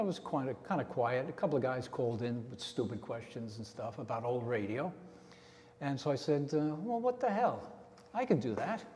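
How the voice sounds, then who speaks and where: A man's voice: medium pitch, mellow, a little hiss or hum. A man leading a radio club meeting, telling a rambling casual story to the members. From New Jersey. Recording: echoey hall with long reverb.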